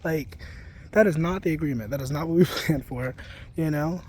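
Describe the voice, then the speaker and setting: A man's voice: on the high side, moderate pace, a little mellow. A young man rambling casually as he walks outdoors by a road, swearing often and filling his talk with "like" and "you know", recorded on a handheld phone. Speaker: spiritual vlogger. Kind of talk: casual walking vlog. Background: passing traffic.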